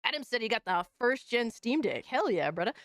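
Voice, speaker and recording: A woman's voice: fairly high pitch, sing-song, fairly quick, no echo, studio quality. A woman hosting a casual livestream, chatting in loose, profane slang and often breaking into laughter. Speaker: livestream host.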